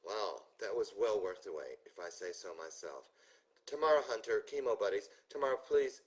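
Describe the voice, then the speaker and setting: A man's voice: on the low side, lively intonation, normal speed, husky, poor audio. A man hosting a live video show, thanking his guest with effusive praise. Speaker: host.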